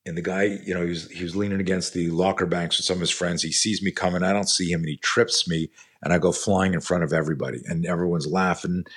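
A man in his sixties with a very deep, husky voice tells a story in an interview. He rambles with plenty of fillers and swears casually as he talks about his teaching work. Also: fast talker, few pauses. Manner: animated, profane, rambling with many fillers. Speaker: self-defense instructor and company founder.

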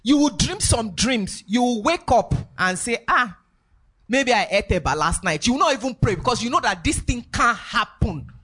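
A woman's voice: on the high side, animated, moderate pace, hardly any pauses, a bit bright, breathy edge. A woman preaching a sermon, emphatic and repetitive, with sing-song rises in her voice.

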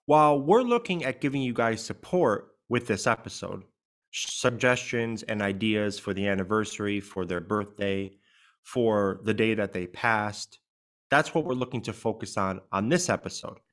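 A man's voice: lowish voice, animated, normal speed, fairly bright tone. A man co-hosting a podcast as a grief coach, talking in an earnest, emphatic way and stressing key words. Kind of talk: podcast conversation.

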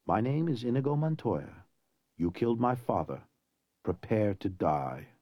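A man's voice: on the low side, sing-song, a little slow, no echo, highs cut off. A man voicing a vengeful grown swordsman who delivers a solemn, rehearsed declaration.

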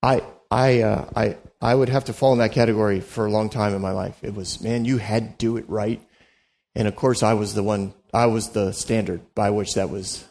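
A man's voice: on the low side, steady tone, moderate pace, a little mellow. Conversational male pastor preaching. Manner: conversational and joking, acts out quoted voices. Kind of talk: sermon.

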